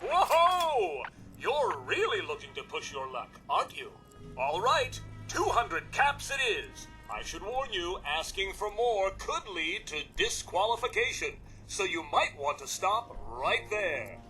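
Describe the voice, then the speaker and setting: High, swooping robot game-show host, slow showy patter, music bed under. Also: male voice, sing-song, sharp tone, exaggerated voice. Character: cheery male robot butler hosting a game show. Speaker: trader. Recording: game audio with music behind.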